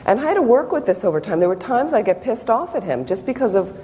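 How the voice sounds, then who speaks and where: A woman's voice: fairly high pitch, sing-song, quick pace, mellow. A Buddhist nun giving a public talk, telling personal stories and acting out her own inner thoughts. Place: meditation center hall. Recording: long hall reverb, faint background noise.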